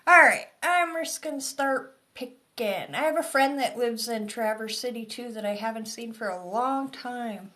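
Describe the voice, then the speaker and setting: A woman's voice: a little high, moderate pace, few pauses, sharp tone, a little hiss or hum. A woman from Michigan's Upper Peninsula with a Yooper accent, giving chatty, rambling psychic readings on a live stream. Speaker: psychic reader. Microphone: phone or webcam on a live stream.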